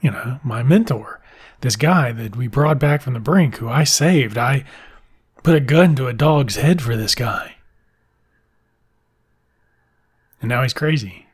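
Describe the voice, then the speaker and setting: A man's voice: mid-range voice, lively intonation, normal speed, slightly rough. A man doing a panicked, cursing young spy. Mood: distraught. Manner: frantic, cursing outbursts. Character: panicked young male spy, outraged and shouting.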